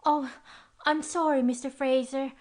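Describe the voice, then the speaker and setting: A woman's voice: sits high, fairly even intonation, a little slow, pitched above the performer's own voice. A woman reading an audiobook, voicing a nervous teenage girl detective, her voice trembling. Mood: polite. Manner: trembling, breathless.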